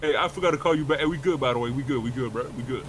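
A man's voice: medium pitch, slight background noise, poor audio. A man role-playing in character, teasing and full of street slang. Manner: fast, slangy, teasing banter. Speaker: game role-player. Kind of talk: in-character role-play chat.

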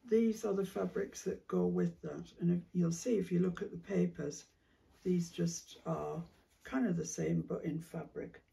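A woman with a strongly gravelly, fry-heavy voice chats unhurriedly through a casual craft vlog. She muses aloud and slips into soft whispered asides, coughing now and then. The mic sits well away from her. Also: fairly low pitch, fairly even intonation, measured pace, recorded from a distance. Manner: chatty, musing, drops into soft whispered asides. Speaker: craft vlogger. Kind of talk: casual chat while sorting fabric.

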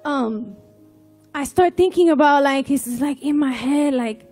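Woman, high voice, animated testimony storyteller, faint music bed. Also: a little slow. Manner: animated storytelling, acts out quoted dialogue. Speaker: testimony speaker. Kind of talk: personal testimony.

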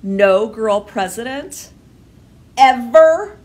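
A woman's voice: on the high side, animated, drawn-out words, a little mellow. A woman reading the part of a determined young schoolgirl in a picture book, asking earnest, indignant questions.

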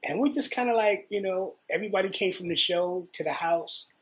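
A middle-aged man with a New York accent telling profane, animated stories in a casual interview. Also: high-pitched, fairly quick. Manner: profane, animated, acts out quotes. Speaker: interviewee, guitarist. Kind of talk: casual storytelling.

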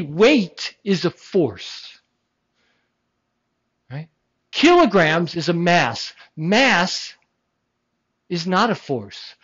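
A science lecturer giving a classroom lecture, animated and emphatic, with rhetorical questions and jokes. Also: mid-range voice, dull audio.

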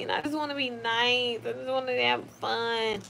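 A woman's voice: a little high, fairly even intonation, moderate pace, gravelly, pushed and bright. A young woman chatting casually on a live stream from outside, reading comments and talking back bluntly with plenty of swearing. There's a faint hiss of noise behind her phone mic. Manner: blunt, swears freely, talks back to trolls. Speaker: livestream host reading chat. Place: outdoors at home, evening.

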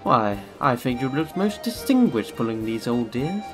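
A kind, patient older steam engine, as a man puts him on in a storybook reading. His voice is gentle and good-humoured, with a lively pitch, and music plays behind him. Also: moderate pace, close to an everyday voice. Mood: wry.

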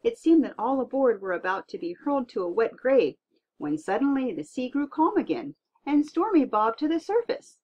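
A woman reading a tall tale aloud in an expressive storytelling manner. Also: sits high, normal speed, husky. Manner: lively expressive read-aloud. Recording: dull lo-fi recording.

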